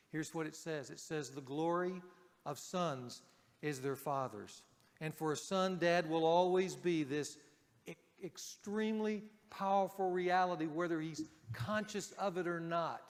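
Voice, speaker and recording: A man preaching a sermon to a men's group, speaking emphatically and dropping to a hush on key points. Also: fairly high pitch, big-room sound.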